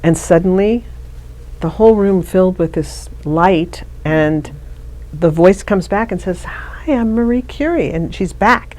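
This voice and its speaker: Low-voiced woman telling a story. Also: measured pace, a little mellow. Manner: chatty storyteller, frequent restarts. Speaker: interview guest. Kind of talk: casual interview conversation.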